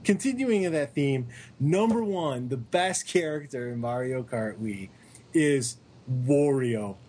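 Lively joking man ranting on a podcast. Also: medium pitch, unhurried. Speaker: podcast co-host. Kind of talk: casual sports podcast chat.

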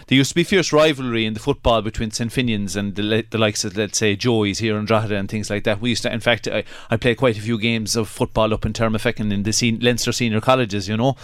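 A man's voice: lowish voice, fairly even intonation, quick pace, hardly any pauses, no room sound, clean studio sound. A man with a Kerry Irish accent, a guest opera singer chatting in a radio interview, hesitant with many restarts. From Ireland, County Kerry. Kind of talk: casual radio interview chat.

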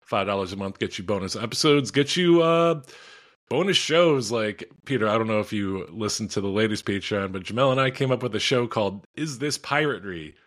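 A man's voice: on the low side, expressive, a little fast, a bit bright. Joking podcast host man. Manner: loose, joking, laughs through asides. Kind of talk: casual podcast banter.

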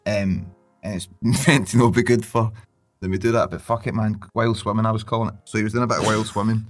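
스코틀랜드 억양의 남자, 욕설 섞인 수다. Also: male voice, lowish voice, fast talker, soft background music. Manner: sweary, laughing, animated storytelling. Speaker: podcast co-host. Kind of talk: casual chat.

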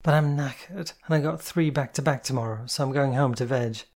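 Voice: mid-range voice, fairly quick, a little mellow, lightly acted. A reader voicing a playful, flirty woman who calls everyone darling. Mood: chirpy. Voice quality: chirpy, camp endearments. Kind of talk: audiobook character voice.

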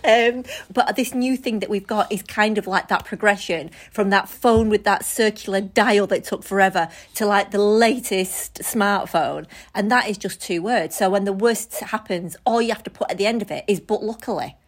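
Woman chatting on a podcast, animated, laughs a lot, tells stories. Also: mid-range voice, moderate pace, few pauses. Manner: animated storyteller, laughs often. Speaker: co-host. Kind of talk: casual podcast chat.

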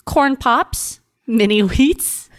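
A young woman co-hosting a podcast, chatting casually. She speaks her opinions plainly and laughs easily in a relaxed, conversational manner. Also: fairly high pitch, extremely slow. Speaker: podcast co-host. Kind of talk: casual chat.

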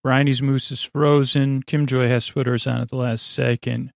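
Male podcast host, gravelly, flat delivery, rambling recap for sleep, halting with fillers. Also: mid-range voice, no echo, studio quality. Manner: halting, many fillers and self-corrections.

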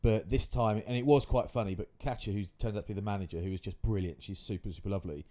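Fast-talking man with a mellow voice. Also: fairly low pitch. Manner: rambling anecdotal storytelling. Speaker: podcast host. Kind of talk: casual chat.

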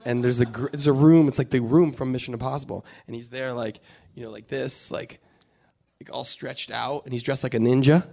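A man who directed a film, telling animated stories in casual chat, swearing and laughing as he goes. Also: mid-range voice, fairly quick, creaky. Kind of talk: casual storytelling.

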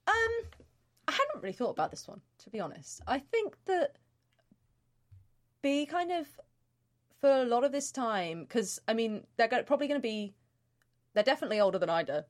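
A woman's voice: on the high side, big pitch swings, moderate pace, pauses often. Woman, tabletop player, casual chat, hesitant fillers. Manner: hesitant, thinking aloud with many fillers.

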